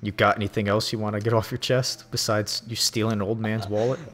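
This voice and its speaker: A man's voice: lowish voice, flat delivery, fast, a bit bright. A young man playing in a role-play game, talking in a dry, indifferent way. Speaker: player. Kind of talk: casual role-play banter.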